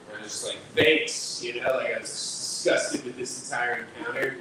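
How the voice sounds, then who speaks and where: Young male comic, loose and rambling, middle-pitched, miked from a distance in a noisy room. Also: fairly even intonation, normal speed, heavy reverb. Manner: loose, rambling delivery with frequent swearing and restarts. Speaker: stand-up comedian. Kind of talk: stand-up set at an open mic. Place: small bar comedy room.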